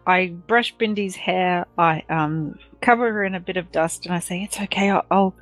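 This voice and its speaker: A woman's voice: fairly low pitch, normal speed, a bit bright, no room sound, soft background music, low-quality recording. Giggly woman playing a tabletop game. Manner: giggly, playful. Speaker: player. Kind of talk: casual tabletop game chat.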